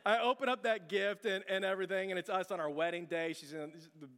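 A man's voice: high-pitched, fairly even intonation, fast talker, a bit bright, clear, resonant tone. A middle-aged man preaching a chatty, self-deprecating sermon, telling a story and asking the audience questions. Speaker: pastor. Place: church sanctuary. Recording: long hall reverb.

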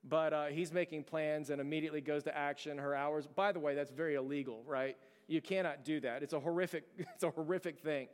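A man's voice: on the high side, fairly even intonation, a little fast, hardly any pauses. A man preaching a sermon as pastor, telling a story in an earnest, conversational and emphatic way. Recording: long reverb of a large hall.

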